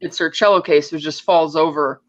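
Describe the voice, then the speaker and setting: Podcast cohost walking through a movie plot, slightly muffled lo-fi sound, mid pitch. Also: fairly even intonation, normal speed. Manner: retells plot scene by scene, acting out characters' lines. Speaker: podcast co-host. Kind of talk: casual film recap chat. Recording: dull lo-fi audio.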